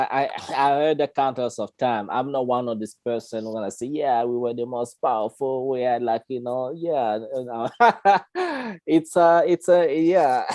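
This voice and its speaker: A man's voice: mid-range voice, a little mellow, dry recording. A man, speaking in a casual explanatory way. He laughs often, repeats words and keeps checking in with "you know" and "all right". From Congo. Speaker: guest speaker on Kongo spirituality.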